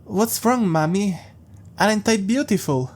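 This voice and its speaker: A man voicing a deranged teenage boy killer who talks in a high, sing-song, childish glee. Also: animated, measured pace. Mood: giddy unhinged.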